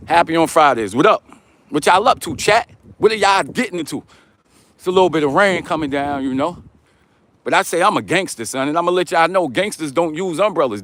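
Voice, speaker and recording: Middle-aged New man, livestream host; high-pitched, loose slangy delivery aimed right at his chat. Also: a bit bright, no echo. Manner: slangy, repetitive, talks straight to viewers. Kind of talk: casual chat to a live chat.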